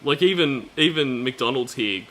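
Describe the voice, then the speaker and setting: A man's voice: mid-range voice, lively intonation, a little slow, fairly bright tone, slight background noise. An Australian man hosting a stream, chatting casually, joking, laughing and swearing offhandedly. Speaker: streamer host.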